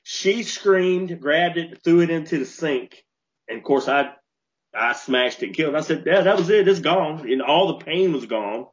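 A man co-hosting a podcast, telling a story in an animated way and restarting his sentences as he gets worked up. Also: on the high side, normal speed. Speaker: podcast co-host. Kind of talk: casual storytelling chat. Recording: dull lo-fi podcast audio.

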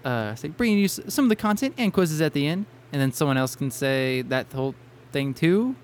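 A young male podcast host with a slightly raised pitch, chatting loosely and laughing between lines. He restarts sentences often, and a faint hum sits under his voice. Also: expressive, brisk. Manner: laughing often, rambling and self-correcting. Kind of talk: casual banter while planning intros.

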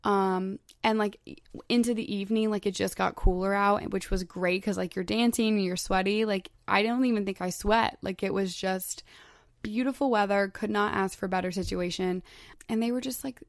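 A woman's voice: medium pitch, steady tone, normal speed, no echo, clean studio sound. A young woman in her twenties hosting a solo podcast, chatting casually and gushing, with "like" in nearly every phrase. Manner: chatty, heavy use of "like", gushing. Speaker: podcast host.

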